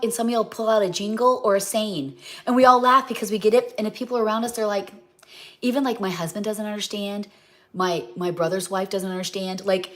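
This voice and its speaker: A middle-aged woman chatting casually on a livestream as a home cook, rambling and often losing her train of thought, heartfelt and talking straight to her viewers. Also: on the high side. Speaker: home cook and cookbook author hosting a livestream.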